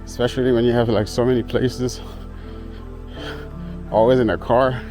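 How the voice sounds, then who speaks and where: A man's voice: medium pitch, level tone, moderate pace, music in the background. A man vlogging casually on a rural trail, out of breath from the climb, easygoing and chuckling, recorded on a handheld camera. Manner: easygoing, chuckles often, greets locals. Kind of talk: casual travel vlog.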